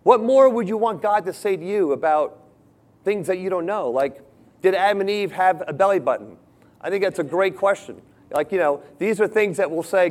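A man preaching a sermon, earnest, moving between hushed lines and emphatic ones. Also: high voice, animated, normal speed.

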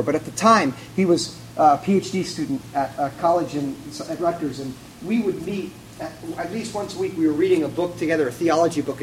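A man's voice: on the high side, slight background noise, low-quality recording. Man preaching with a storytelling manner. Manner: conversational, self-mocking anecdote with quoted dialogue. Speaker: pastor. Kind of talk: storytelling sermon.

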